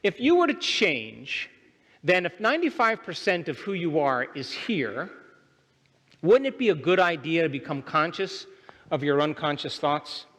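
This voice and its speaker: A man's voice: on the high side, big pitch swings, unhurried, a bit bright. Emphatic male seminar speaker in a hall. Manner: emphatic, questions the audience often. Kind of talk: motivational lecture to a live audience. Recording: long hall reverb.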